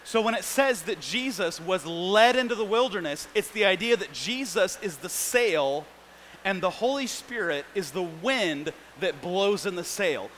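A man's voice: sits high, expressive, measured pace, a bit bright, slight background noise, rough recording. A man preaching a sermon, reading scripture and explaining it with earnest, building emphasis.

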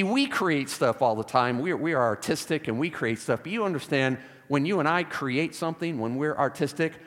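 A man preaching a sermon, emphatic and repeating key words for stress, with wry asides. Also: fairly high pitch. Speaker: pastor. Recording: long hall reverb.

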